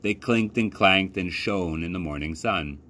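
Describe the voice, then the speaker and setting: A man from a library youth program reading a children's novel aloud as expressive storytelling. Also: a little slow. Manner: expressive storytelling with lively pitch. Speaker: library youth services coordinator. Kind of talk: children's book read-aloud.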